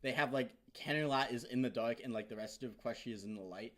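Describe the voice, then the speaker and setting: A man excitedly recapping a TV episode in a casual, rambling way, swearing often and leaning on filler words. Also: medium pitch, fast talker. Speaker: vlogger reviewing an episode.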